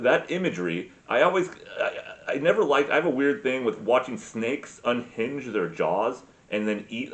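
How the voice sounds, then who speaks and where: A man's voice: mid-range voice, lo-fi sound. A man in his forties rambling through a profane, comedic monologue as a podcast host, forever drifting off on tangents.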